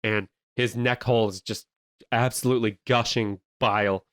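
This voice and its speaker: A man hosting a comedy podcast, telling an improvised movie pitch with lots of energy and silly voices. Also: moderate pace, no echo, clean studio sound. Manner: animated storytelling with silly voices.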